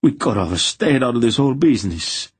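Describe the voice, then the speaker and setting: A man's voice: big pitch swings, a little fast, breathy edge, dry recording. A man voicing a frightened middle-aged merchant who wails in panic. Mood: wailing. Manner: shrill, wailing.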